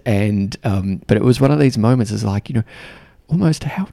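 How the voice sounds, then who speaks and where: A man's voice: fairly low pitch, brisk, gravelly, warm tone, no room sound, studio quality. An Australian man telling a story in a chatty podcast style, with lots of ums and likes, sometimes acting out other people's lines. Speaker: podcast host. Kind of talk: casual storytelling.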